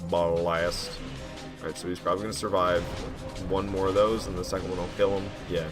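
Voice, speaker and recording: A man giving casual, excitable commentary while playing a video game, slangy and quick to mock himself. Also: low-pitched, over music. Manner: excitable, self-mocking, slangy. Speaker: gaming commentator.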